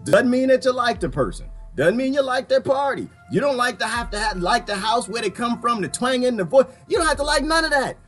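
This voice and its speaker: A man giving a casual, animated political rant to his viewers, laughing often and swinging between loud and quiet. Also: extremely high pitch, fairly quick, few pauses, faint music behind. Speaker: video commentator.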